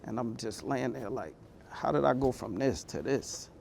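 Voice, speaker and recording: A man's voice: medium pitch, animated, normal speed, creaky, darkish tone, slight background noise. A man giving a motivational talk, telling his personal story in a candid, conversational, heartfelt way. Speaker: motivational speaker.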